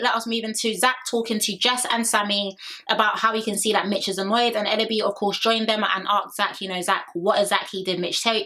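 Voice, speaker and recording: Woman vlogger, young, chatty recap host, crisp bright tone, quick opinions and laughs. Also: medium pitch. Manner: gossipy, opinionated, laughs a lot.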